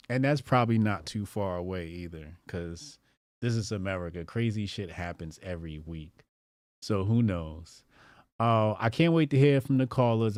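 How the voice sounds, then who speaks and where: A man's voice: lowish voice, dry recording, clean studio sound. Laid-back man hosting a live stream. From New Jersey, US. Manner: laughing, loose and rambling with slang. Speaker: host. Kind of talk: casual live-stream talk.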